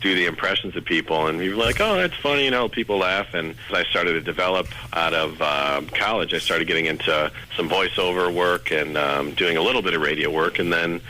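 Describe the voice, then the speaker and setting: A man who does impressions and voiceover work, answering a radio interview in relaxed storytelling. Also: low-pitched, fairly quick, few pauses, rough recording.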